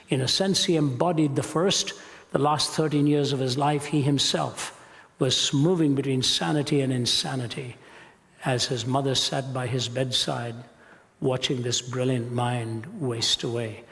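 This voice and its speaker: An older man from India giving an emphatic, deliberate public lecture as a Christian apologist. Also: medium pitch, fairly bright tone. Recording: long reverb of a large hall.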